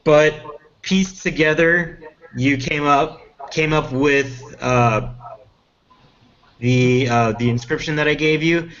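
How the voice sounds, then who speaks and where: A man's voice: a little high, slow pace, a bit bright. A man running a tabletop fantasy game as game master, speaking hesitantly with many fillers. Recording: dull lo-fi recording.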